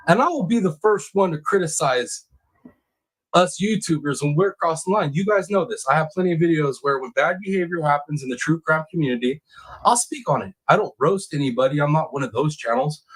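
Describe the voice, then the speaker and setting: A man's voice: a little high, husky, low-quality recording. A man hosting a true crime livestream, talking bluntly and swearing in fired-up casual commentary. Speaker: true crime streamer host.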